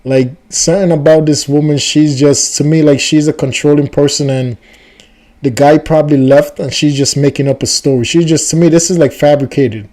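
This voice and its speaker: A man's voice: fairly high pitch, fairly even intonation, normal speed, warm tone. A man hosting a reaction video, talking casually and dismissively. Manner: dismissive, casual, keeps saying dude.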